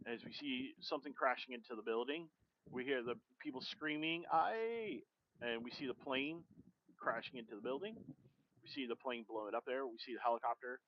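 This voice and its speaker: A man streaming and casually narrating a comic aloud, in loose, halting sentences full of fillers, in a dull lo-fi recording. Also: mid-range voice. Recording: dull lo-fi stream mic with faint noise.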